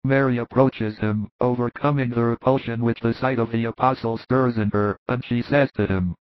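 A man narrating a religious audiobook in a measured, descriptive way. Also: medium pitch, steady tone, no echo. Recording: dry, slightly dull sound.

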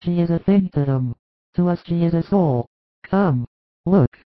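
A woman voicing a gentle, devout mother who pleads earnestly, read as audiobook dialogue. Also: on the low side, expressive, unhurried, no echo. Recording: dry, tinny phone-like sound.

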